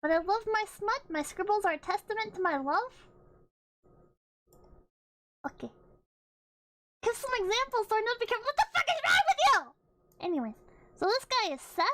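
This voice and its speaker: Very high-voiced playful woman streamer. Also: expressive, moderate pace, long pauses, low-quality recording. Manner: rambling, swears freely, frequent restarts; playful, laughs often. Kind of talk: casual livestream chat.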